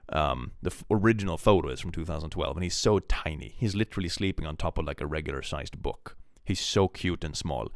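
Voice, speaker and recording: A man's voice: deep voice, gravelly, no room sound, studio quality. A man, casually chatting with his stream and joking as he reads out chat.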